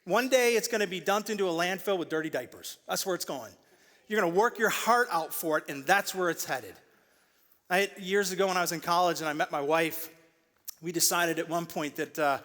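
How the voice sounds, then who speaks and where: A man preaching a sermon as pastor, telling stories with animated quoted voices. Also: on the high side. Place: church stage. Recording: long hall reverb.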